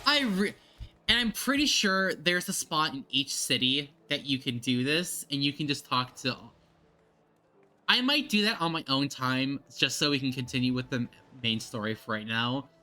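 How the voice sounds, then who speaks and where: A streamer commenting live on a game, excitable and profane, with sudden outbursts. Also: mid-range voice, moderate pace.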